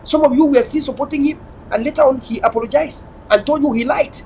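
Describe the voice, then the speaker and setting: Preachy man with a high voice. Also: quick pace, darkish tone, slight background noise, rough recording. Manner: preachy, repetitive, mixes in pidgin. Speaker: online show host. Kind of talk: impassioned political commentary.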